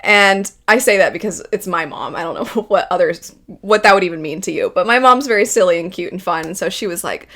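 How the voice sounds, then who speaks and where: A woman's voice: lowish voice, fairly quick, hardly any pauses, pushed and bright. A young woman hosting a video essay, gushing and rambling with emotion about stories she loves. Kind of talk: casual enthusiastic commentary.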